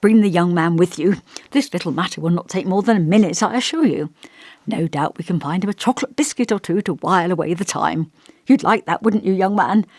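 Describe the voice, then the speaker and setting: A woman reading an audiobook and voicing a kindly, hesitant male village vicar with a gentle, scholarly voice. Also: on the low side, a little fast, no echo, lightly acted. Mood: genial. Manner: kindly, hesitant, over-polite. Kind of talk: audiobook character voice.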